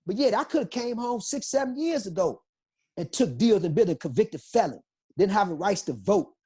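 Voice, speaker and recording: A man's voice: high voice, animated, normal speed, darkish tone, husky. A middle-aged man, a guest on an interview podcast, telling his story in an emphatic, repetitive, impassioned way.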